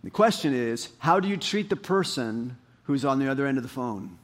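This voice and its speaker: A man preaching a sermon as pastor, animated, rising to emphatic highs and dropping low. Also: normal speed.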